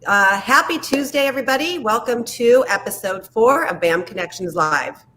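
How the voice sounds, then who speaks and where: A woman hosting a livestream show, introducing her guest in a halting, emotional way with many fillers. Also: on the high side, lively intonation, bright, forceful tone, low-quality recording. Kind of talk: casual heartfelt introduction.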